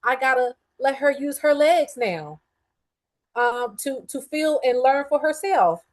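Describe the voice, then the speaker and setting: A middle-aged woman with a fairly high voice pours out a personal story on her podcast. She speaks candidly and swears freely, moving between low, simmering fuming and loud, angry bursts. She sounds upset, like someone who has been crying on and off all day. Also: expressive, unhurried. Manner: candid, profane and heated, swinging between quiet fuming and loud outbursts. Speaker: podcast host.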